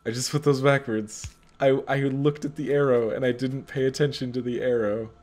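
A man's voice: medium pitch, steady tone, normal speed, a little mellow. A young man casually commentating his own gameplay, frustrated and muttering at himself about his mistakes. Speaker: gaming channel host. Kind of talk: casual let's play commentary.

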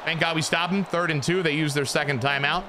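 A man giving casual, profanity-laden commentary while playing a football video game, swinging between frustrated yelling and low mumbling. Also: brisk, noisy background. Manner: excitable, swears a lot, swings from yelling to mumbling. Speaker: gaming YouTuber.

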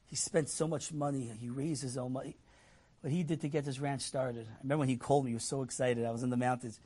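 A man's voice: mid-range voice, fast. A man telling an inspirational story to an audience, animatedly acting out the people he quotes. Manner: animated, acts out quoted voices, laughs. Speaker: storyteller speaker.

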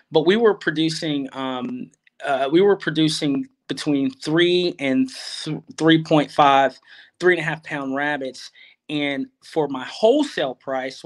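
A middle-aged man, a farmer guest, telling a long story in a rambling way, full of fillers and restarts, livening up when he quotes other people. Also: medium pitch. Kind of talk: conversational storytelling.

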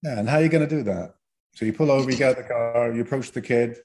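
A man's voice: mid-range voice, very fast, a little mellow. A man teaching as a podcast guest, explaining in a chatty way and tagging his points with "right?". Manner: explanatory, peppers talk with "right?". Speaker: guest therapist trainer.

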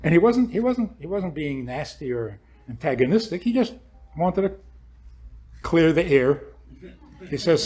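A man's voice: fairly high pitch, big pitch swings, unhurried, long pauses, darkish tone, breathy edge. A man speaking as a rabbi, lecturing an audience with provocative rhetorical questions and acting out what imagined people would say.

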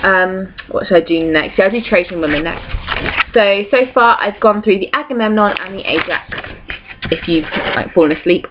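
A woman's voice: mid-range voice, highs cut off, noisy background. A young woman in her late teens, casually talking through revision notes with lots of fillers, now and then acting out quotes in playful voices. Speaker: student revising for exams. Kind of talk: casual revision talk to camera.

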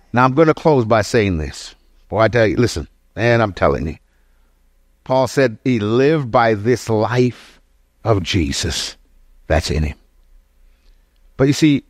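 A middle-aged man preaching a sermon with emphasis, dropping to low murmurs and rising to raised exclamations while asking the congregation question after question. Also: no echo, clean studio sound. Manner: asks the congregation questions again and again. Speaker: pastor.

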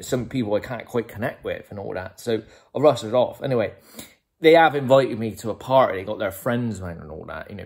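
A man's voice: on the low side, gravelly. A young man with a broad Bristol accent, rambling in a comic monologue full of fillers. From Bristol, England. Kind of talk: comic character monologue to camera.

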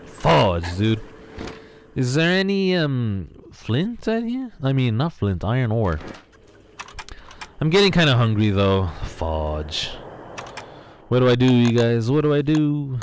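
A man giving casual, excitable let's-play commentary, talking to his viewers with frequent exclamations. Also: mid-range voice, unhurried, a little hiss or hum. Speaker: gaming YouTuber.

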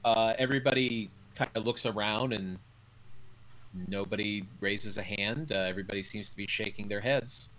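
A man's voice: lowish voice, moderate pace, poor audio. A man narrating a tabletop game as dungeon master, with many "uh" fillers. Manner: relaxed narration full of "uh" fillers.

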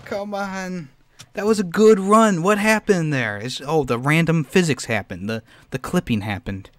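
A man streaming a video game, commenting sarcastically, swearing a lot and yelling when a run goes wrong. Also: high-pitched. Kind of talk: let's play gaming commentary.

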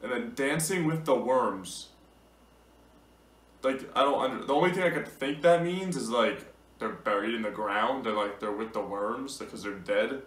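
A young man talks casually about gaming, amused and disbelieving, often breaking into laughter. His voice sits at an ordinary middle pitch. It sounds roomy and a little distant, as if the mic is set back across the room. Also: a little fast, a bit bright. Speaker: gaming YouTuber. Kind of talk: casual commentary reading out messages.

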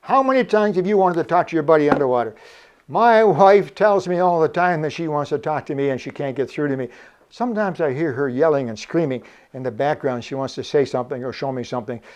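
A man's voice: fairly high pitch, fairly quick, clean tone. An older man from Canada hosting a casual show-and-tell about vintage diving gear, chatty and joking. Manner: chatty, jokey, laughs often. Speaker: vintage scuba show host.

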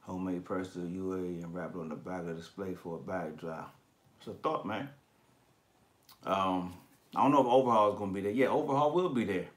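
Low-pitched and a little fast, a man runs a livestream for his collectibles channel. He reads out viewer comments and chats loosely, full of slang, cursing, and laughter.

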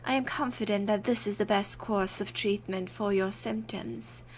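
A woman voicing a calm, formal male therapist, reading his game dialogue aloud in a put-on accent. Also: medium pitch, moderate pace, a little hiss or hum, lightly acted. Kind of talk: let's play dialogue reading.

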